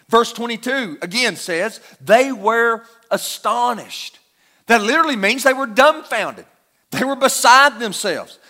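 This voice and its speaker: Male preacher, high voice, emphatic expository sermon. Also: bright, forceful tone.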